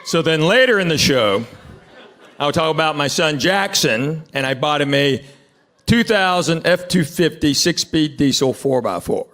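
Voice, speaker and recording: A man's voice: a little high, fairly bright tone. A middle-aged man from Tennessee, telling stand-up stories in a dry way and acting out the people in them, on a theater stage with a handheld mic. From Knoxville, Tennessee. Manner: dry storytelling, acts out quoted people. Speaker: stand-up comedian. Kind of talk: stand-up comedy set. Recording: live show with crowd noise. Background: audience laughter.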